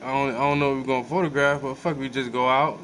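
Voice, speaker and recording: Man, AAVE, casual profane storyteller, mid pitch, faint air-conditioner hum behind. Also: fast, rough recording. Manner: animated, profane, laid-back storytelling with many fillers. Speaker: host.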